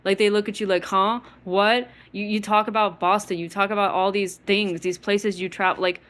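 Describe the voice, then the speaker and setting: A woman's voice: mid-range voice, flat delivery, a little fast. A woman with an East Coast American accent, ranting bitterly to her viewers in a casual, profane way, with many repeated words and filler likes. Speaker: vlogger. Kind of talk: casual rant to camera.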